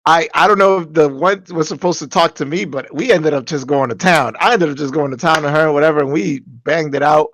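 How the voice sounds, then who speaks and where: A young man casually telling stories on a podcast, animated, jumping into high voices when he quotes people. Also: a little fast, few pauses, a little hiss or hum. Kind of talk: casual storytelling chat.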